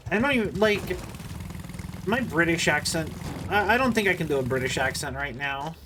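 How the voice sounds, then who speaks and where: A man's voice: a little high, animated, moderate pace, background noise. A man streaming and chatting casually while he plays, telling rambling, self-deprecating stories with stammering restarts. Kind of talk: casual chat while gaming.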